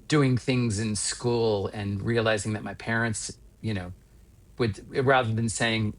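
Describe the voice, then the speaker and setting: A man in his fifties from Western Pennsylvania, a stage actor telling winding, animated anecdotes as a podcast guest. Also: on the low side. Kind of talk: casual interview storytelling.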